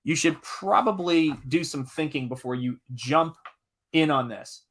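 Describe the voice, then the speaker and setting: Animated male streamer, slightly high voice. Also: a little slow. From Southern United States, Tennessee. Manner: animated, emphatic storyteller who reads out chat comments and swears when worked up. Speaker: live-stream host and comic artist. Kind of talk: casual live-stream chat and storytelling.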